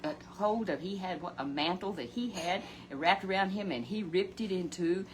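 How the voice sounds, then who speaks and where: A woman telling a Bible story in a folksy, animated way, often exclaiming and addressing a companion by name. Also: lowish voice, normal speed, slight background noise.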